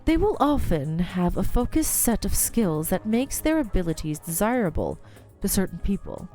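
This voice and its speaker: A woman doing a cheerful, know-it-all young man from a story game, drawling like a surfer and lecturing the others eagerly. His voice sits at an ordinary middle pitch, with soft music faint underneath. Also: very animated, normal speed, natural voice. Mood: enthusiastic. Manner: eager, explaining at length.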